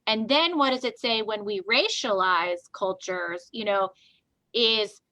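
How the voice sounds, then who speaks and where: A woman's voice: mid-range voice, measured pace, bright, forceful tone, dry recording. A woman co-hosting a casual discussion, thinking aloud and searching for her words as she goes. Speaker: co-host.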